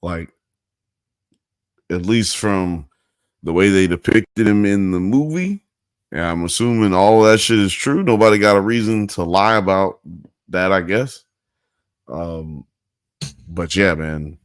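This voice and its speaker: A man's voice: sits low, a little slow, long pauses, clear, resonant tone, no room sound, studio quality. A man hosting a live show, chatting in a loose, rambling, slangy way. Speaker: podcast host. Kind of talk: casual live-show chat.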